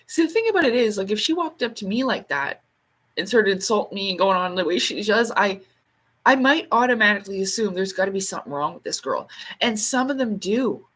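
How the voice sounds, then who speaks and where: Chatty woman host on a casual livestream, rambles, laughs easily, swears lightly, jumps into high squeaky voices when quoting people. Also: expressive, brisk, breathy edge. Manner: reads out and answers viewer comments; acts out quoted lines in sharp, much higher bursts.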